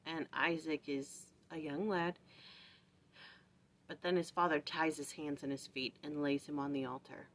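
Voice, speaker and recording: A woman's voice: sits low, fairly even intonation, unhurried, fairly bright tone. Woman musing aloud over scripture at home. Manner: thinking aloud, chatty, lots of "like" and "right?". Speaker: vlog host. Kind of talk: casual morning scripture study.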